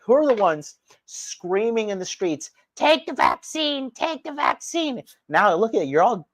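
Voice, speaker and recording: A man hosting a live stream, ranting crudely and mockingly, his voice swinging from loud outbursts to low mutters. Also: dry recording. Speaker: livestream host. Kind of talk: crude provocative livestream rant.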